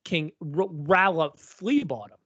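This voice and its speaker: Male podcast co-host, higher register, loose rambling delivery, close dry mic, muffled recording. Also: expressive, a little slow, fairly bright tone, dry recording. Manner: rambling, lots of "like" and "um". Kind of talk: casual TV recap chat. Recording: dull lo-fi recording.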